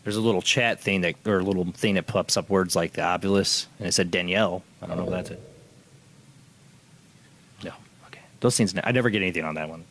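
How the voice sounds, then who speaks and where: A man's voice: low voice, quick pace, a bit bright. An American man hosting a call-in show, friendly and laughing often, stammering as he starts his sentences. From United States. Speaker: host of a call-in spirit-box show. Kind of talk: casual live-stream chat.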